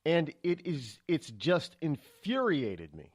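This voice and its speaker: Hosting a live morning call-in radio show, a man from New England speaks slowly in a fairly high, husky voice with huge pitch swings. Chatty at first, he grows angry, rambling with lots of fillers and restarts.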